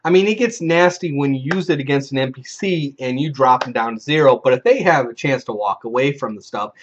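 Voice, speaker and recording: Speaking a little fast in a mid-range voice, a man hosting a video relays a rambling tabletop game story with plenty of profanity, acting out the players he quotes, over a dull lo-fi recording.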